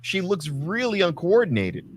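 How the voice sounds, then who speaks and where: On a laid-back wrestling talk show, a male co-host with a high, very animated voice rants at normal speed, swearing a lot and acting out quotes.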